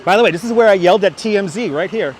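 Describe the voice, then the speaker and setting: A man with a Brooklyn accent hosts an outdoor walking-tour livestream in the city, chatting with viewers and thanking them by name. His high voice comes rapid-fire through a wireless clip-on mic, with faint city traffic in the background.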